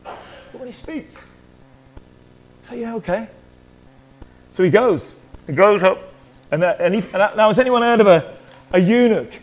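High-voiced chatty preacher man. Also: normal speed, long pauses, low-quality recording. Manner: chatty storytelling, jokey with the congregation. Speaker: pastor. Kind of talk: sermon. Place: church hall.

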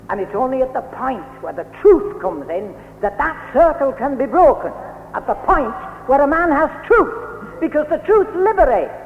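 High-voiced fervent preacher, echoey hall. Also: male voice, a little hiss or hum. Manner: fervent, emphatic preaching with repetition. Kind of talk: sermon. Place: church meeting hall. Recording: old lo-fi radio recording, echoey hall.

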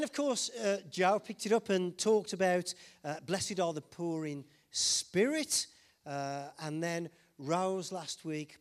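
A man preaching a sermon to a congregation, playful and jokey, drawing the listeners in with questions. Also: sits high.

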